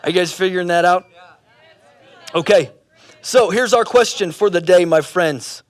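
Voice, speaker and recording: A male pastor preaching a sermon, telling a comic parable in an animated, casual way with bits of slang. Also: sits high, unhurried.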